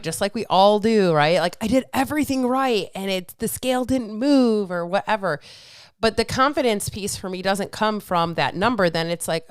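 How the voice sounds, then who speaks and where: A woman's voice: mid-range voice, expressive, moderate pace, clear, resonant tone, no room sound, clean studio sound. A woman hosting a podcast, talking candidly in casual chat, swearing freely and acting out the voices in her head. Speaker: podcast host.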